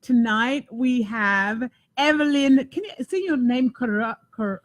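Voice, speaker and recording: A woman's voice: fairly high pitch, animated, unhurried, dry recording. Effusive woman hosting a talk show. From United States. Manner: effusive, emphatic, repeats herself for emphasis. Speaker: talk show host and life coach. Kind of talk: casual enthusiastic talk show.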